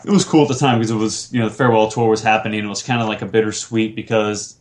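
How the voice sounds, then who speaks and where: A man's voice: fairly low pitch, steady tone, rapid-fire. A man hosting a casual podcast chat, rambling with lots of fillers and restarts. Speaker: podcast host.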